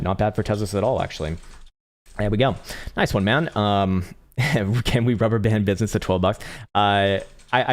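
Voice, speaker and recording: Low-voiced fast-talking man analyzing charts. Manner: rambling, many fillers and restarts, casual swearing. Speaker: crypto chart analyst and livestream host. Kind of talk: casual live chart commentary.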